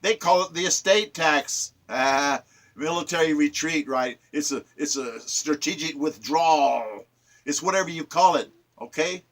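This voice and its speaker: A man's voice: a little high, a little slow, a bit bright. A man reciting his own sonnets and following them with impassioned, preachy political commentary. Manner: ranting, preachy, emphatic.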